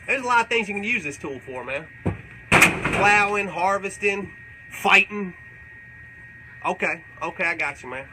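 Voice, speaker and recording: A man's voice: high-pitched, animated, a little slow, long pauses, noisy background. A man playing a profane, rambling, boastful older backwoods man in a live comedic question-and-answer. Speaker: comedic character.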